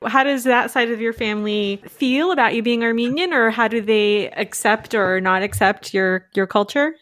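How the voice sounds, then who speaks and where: A woman's voice: on the high side, moderate pace, a bit bright, no room sound. A woman hosting a podcast interview, asking curious follow-up questions and sharing her own stories. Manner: inquisitive, asks follow-up questions. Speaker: podcast host.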